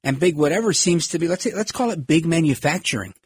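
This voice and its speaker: A man's voice: on the high side, animated, fast talker, breathy edge, dry recording, studio quality. A man hosting a podcast, giving emphatic political commentary and acting out quoted voices. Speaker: podcast host.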